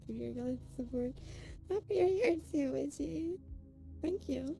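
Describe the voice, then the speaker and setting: A woman's voice: sits high, lively intonation, measured pace, vocal fry, mellow, soft background music. A woman live streamer chatting casually with her viewers, thanking them by name and swinging between giggles and near tears.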